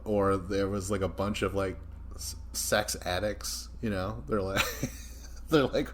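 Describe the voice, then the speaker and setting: A man's voice: low voice, steady tone, slow, a bit bright, slight background noise. A man hosting a podcast in loose casual chat, rambling and swearing with a joking tone. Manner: rambling, profane, jokey. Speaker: podcast host.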